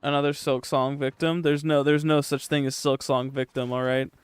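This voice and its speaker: A man's voice: medium pitch, level tone, moderate pace, clear, resonant tone. A young man streaming a game, chatting casually with his chat in a sarcastic, profane, rambling way.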